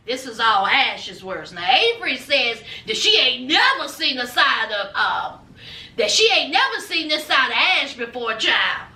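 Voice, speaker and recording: A woman dishes on a reality show with sassy, dramatic gossip, calling the viewer honey and child. Her voice is extremely high and bright. She sounds set back from the mic in an echoey room. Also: big pitch swings, measured pace. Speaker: reality TV recap vlogger. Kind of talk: sassy episode recap. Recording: roomy, from a distance.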